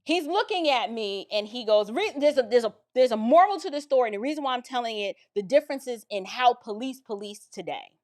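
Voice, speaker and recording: New woman, casual storyteller, high and very expressive voice, lots of asides to the audience. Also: brisk, hardly any pauses. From the Bronx, New York. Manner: animated, dramatic retelling with lots of asides to the listener. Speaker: commentator telling a personal story.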